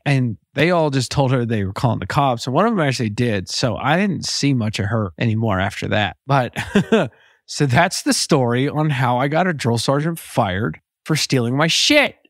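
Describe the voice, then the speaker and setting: A man from Texas hosting a podcast, telling a story in a blunt, profane, animated way. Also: medium pitch, no room sound, clean studio sound. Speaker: podcast host. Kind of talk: casual storytelling monologue.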